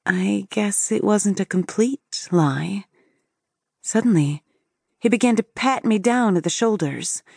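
A woman's voice: mid-range voice, expressive, a little slow, vocal fry, mellow, husky, no echo, clean studio sound. A woman narrating a first-person story for an audiobook in an intimate storytelling manner.

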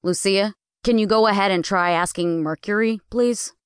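A woman's voice: medium pitch, moderate pace, smooth, no room sound, studio quality, lightly acted. A woman narrator voicing an earnest young man who is eager but easily discouraged. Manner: eager, then flat and defeated.

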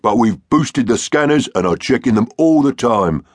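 Gruff, dependable dinosaur engineer read by a man, lively delivery, dry booth sound. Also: medium pitch, moderate pace, no room sound, voice pushed up, close to an everyday voice. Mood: reporting. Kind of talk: audiobook character voice.

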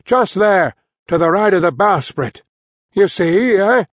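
A man's voice: high voice, lively intonation, measured pace, no room sound, studio quality, voice pushed up. A man voicing a blunt old sea captain. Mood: gruff. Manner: clipped seaman's talk tagged with "eh" and "aye". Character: blunt male ship captain, middle-aged, alert. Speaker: ship captain. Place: dry studio booth.

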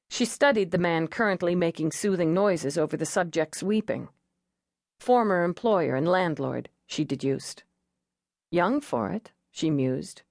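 Measured woman audiobook narrator. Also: on the low side, no room sound, clean studio sound. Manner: measured, expressive reading.

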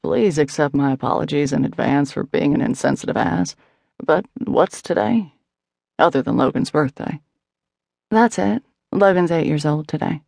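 Audiobook: woman reading a wry, frank young widow, restrained, with slight vocal fry. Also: deep voice, normal speed, darkish tone, no room sound, studio quality, exaggerated voice. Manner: candid, wry, restrained sadness. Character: young widowed mother, former beauty queen, wry. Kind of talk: audiobook character voicing.

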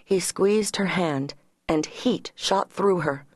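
A woman with a fairly low voice reads an audiobook in a measured, even way. The recording is dry and close, with no room sound. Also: no room sound. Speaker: audiobook narrator. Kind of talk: scripted audiobook narration.

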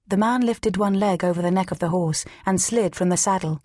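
A woman narrating an audiobook in a measured, steady reading. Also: fairly low pitch, dry recording, clean studio sound. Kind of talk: scripted narration.

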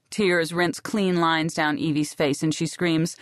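Low-voiced woman narrating an audiobook. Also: fairly even intonation, normal speed, hardly any pauses, no echo, clean studio sound. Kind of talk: scripted first-person narration.

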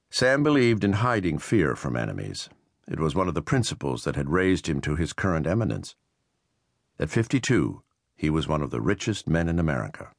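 Male audiobook narrator, very low voice, measured, steady, dry studio sound. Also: no room sound. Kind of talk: scripted narration of a historical novel.

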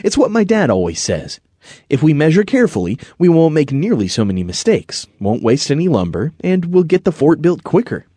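A man voicing an eager, excitable young boy. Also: a little high, fairly quick, husky, dry recording, clean studio sound, pitched above the performer's own voice. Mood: earnest. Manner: excited, bouncy. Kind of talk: audiobook character voice.

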